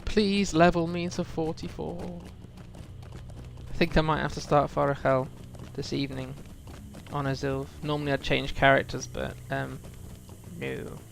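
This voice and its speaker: A man's voice: on the high side, flat delivery, measured pace, gravelly, slight background noise. A man streaming a game, chatting casually and rambling about lore with lots of fillers. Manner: musing, rambling lore talk with many fillers. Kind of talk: casual live-stream chat.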